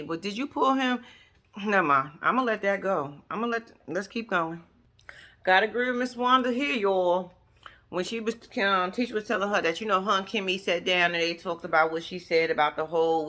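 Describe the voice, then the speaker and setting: Sassy lady ranting about a reality show episode, cusses a lot, real lively up-and-down voice, bright sharp tone. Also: fairly low pitch. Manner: sassy, blunt and profane, talking straight to viewers. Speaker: reality TV reaction vlogger. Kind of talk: casual reaction commentary.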